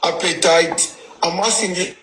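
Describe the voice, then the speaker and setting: A man's voice: high voice, fairly even intonation, unhurried, fairly bright tone, faint music behind. A man calling into a livestream, teasing and asking questions over and over. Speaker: livestream caller. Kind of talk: casual livestream chat.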